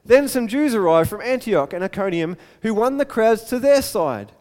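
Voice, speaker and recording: A man preaching a sermon, telling the story with lively acted-out voices. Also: sits high, normal speed. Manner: animated storytelling, acts out crowd voices. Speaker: pastor. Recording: long hall reverb.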